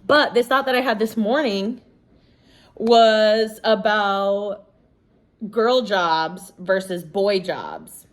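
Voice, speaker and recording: A woman's voice: medium pitch, extremely slow. A woman hosting a podcast, talking in a casual monologue that is blunt and emphatic, with lots of swearing and "like" and "you know". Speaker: podcast host.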